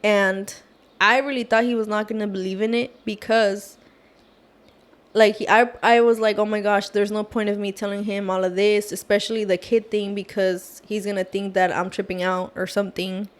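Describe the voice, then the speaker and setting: A woman's voice: medium pitch, normal speed. A woman guest on a podcast, telling a personal story casually, with lots of "like" and "oh my gosh". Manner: animated, fillers like "like" and "oh my gosh".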